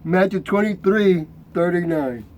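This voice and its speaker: A fiery middle-aged man preaching in a voice pitched a little high for a man. He reads scripture slowly and deliberately, then turns confrontational, tossing "right?" at his listeners. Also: a little mellow, a little hiss or hum, low-quality recording.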